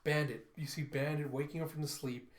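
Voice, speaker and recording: A man's voice: fairly high pitch, steady tone, brisk. A man casually reading through a comic and reacting, with loose wording and many fillers. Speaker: comic reviewer. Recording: echoey room.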